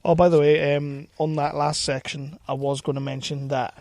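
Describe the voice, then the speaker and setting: A man's voice: fairly high pitch, little pitch movement, moderate pace, darkish tone, no room sound, clean studio sound. A man co-hosting a casual podcast, reading quiz questions aloud and teasing his co-host with plenty of swearing. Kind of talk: casual chat. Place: small home studio shed.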